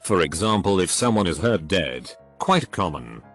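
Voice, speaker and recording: Low-voiced man reading forum stories. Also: very animated, moderate pace, fairly bright tone, soft background music. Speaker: narrator.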